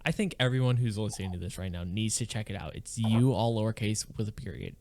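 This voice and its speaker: A man's voice: lowish voice, fast, a little hiss or hum. A young man co-hosting a podcast, telling stories casually and with enthusiasm. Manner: enthusiastic, animated storytelling. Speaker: podcast co-host. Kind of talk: casual chat.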